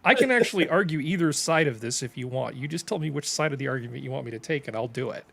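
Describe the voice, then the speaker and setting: A man's voice: mid-range voice, lively intonation, fast talker, gravelly, crowd noise. Playful joking male host. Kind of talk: casual chat.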